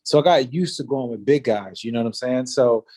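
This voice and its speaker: A man's voice: medium pitch, fairly quick, a little mellow. A man in his forties, a guest in a casual interview, telling a story in a laid-back way with many fillers. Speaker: interview guest, former fighter.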